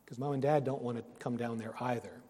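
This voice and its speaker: A man preaching a sermon, earnest, rising to loud emphasis and dropping to hushed phrases. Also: mid-range voice, steady tone, fast talker, husky. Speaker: pastor. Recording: long reverb of a hall.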